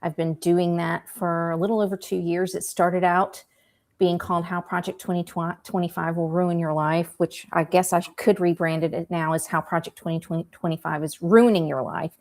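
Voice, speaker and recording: Southern-accented woman in her fifties, lower voice, frank and dry. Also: steady tone, moderate pace, a little mellow. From rural South Carolina. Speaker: guest, writer. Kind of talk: casual interview chat.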